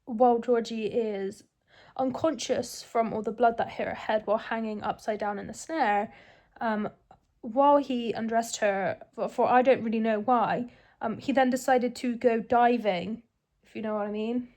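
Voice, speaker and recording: A woman's voice: on the high side, a little slow, mellow. A young woman chatting casually about a book she is reading in her home kitchen, amused and sarcastic. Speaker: book vlogger.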